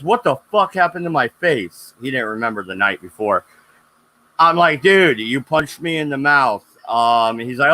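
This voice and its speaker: Blunt bright-voiced man telling crude stories. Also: mid-range voice, poor audio. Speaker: host. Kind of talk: casual profane storytelling.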